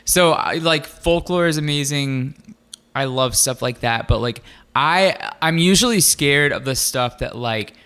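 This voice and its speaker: A man's voice: mid-range voice, unhurried, bright, forceful tone, clear, resonant tone. A man co-hosting a casual podcast, reading a story aloud in a laid-back way with lots of fillers and asides. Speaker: podcast co-host.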